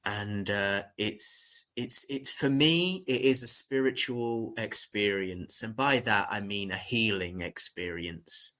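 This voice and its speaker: A man who is a podcast guest, actor and musician, speaking reflectively with many pauses and fillers. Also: on the low side, bright, forceful tone. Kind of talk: reflective conversation.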